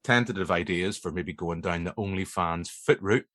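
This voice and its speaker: A Northern Irish man hosts a movie podcast in a loose, jokey ramble full of fillers. His voice is bright and forward. The recording is dry and close to the mic. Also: low voice, normal speed, dry recording. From Northern Ireland. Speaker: podcast host. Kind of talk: casual chat.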